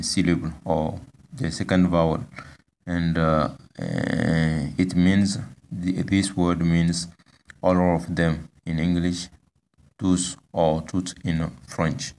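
A man teaching a language lesson, patiently repeating each word and pausing often with hesitations. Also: low voice, a little mellow. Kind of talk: slow spoken language lesson.

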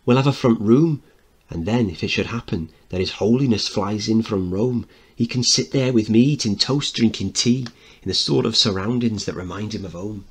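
A man's voice: fairly low pitch, moderate pace, husky. A man reading a play aloud, singing the part of a brash, hopeful working-class mother. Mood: singing dreamy. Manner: sings loud and bold, puts on a posh voice.

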